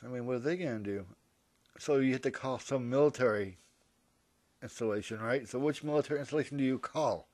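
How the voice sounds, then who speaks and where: A man's voice: mid-range voice, a little mellow, dry recording. A man rambling through a comedic monologue, interrupting and correcting himself as he goes. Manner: rambling, hypothetical, self-interrupting. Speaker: vlogger.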